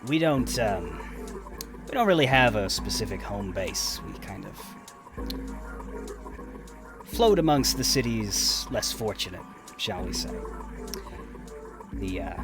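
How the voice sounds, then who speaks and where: A man's voice: on the low side, big pitch swings, slow pace, long pauses, voice pushed down. A man voicing an ancient, laid-back male vampire drifter who talks in an easygoing, wry way over background music. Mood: wry, relaxed.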